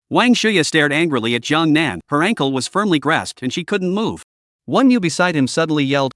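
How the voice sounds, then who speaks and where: Man reading a comic recap, bit high voice, dry close mic. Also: lively intonation, moderate pace, fairly bright tone, no echo. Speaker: recap narrator. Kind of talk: scripted story narration.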